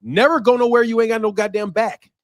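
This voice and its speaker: A male podcast host with a high voice talks in a blunt, cursing, streetwise way, laughing as he makes his points. The sound is dry and close, with no room echo. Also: fairly even intonation, quick pace. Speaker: show host. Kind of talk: casual podcast chat.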